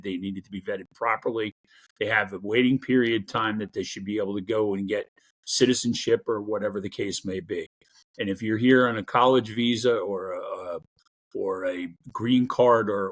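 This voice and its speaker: A middle-aged man giving an angry, profane political rant, growing louder as he goes. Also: fairly low pitch, slightly rough. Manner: angry, profane, rising to loud outbursts. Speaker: political commentator.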